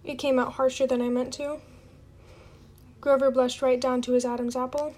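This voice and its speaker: A woman's voice: high-pitched, little pitch movement, moderate pace, darkish tone. A woman reading a novel aloud at home in an unpolished, amateur style and apologizing for her slips. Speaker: reader.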